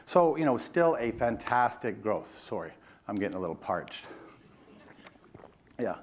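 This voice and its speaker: A middle-aged man giving a conference keynote, telling a self-deprecating story with lively energy. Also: fairly low pitch, a little slow. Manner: animated, self-deprecating storyteller who mimics his boss. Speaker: keynote speaker. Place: conference stage before an audience.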